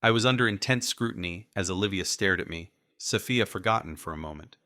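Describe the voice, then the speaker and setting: A male narrator reads an audiobook in the first person. He tells the story at a measured, even pace. His voice is deep with a bright, forceful edge, and the sound is close and dry. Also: no echo.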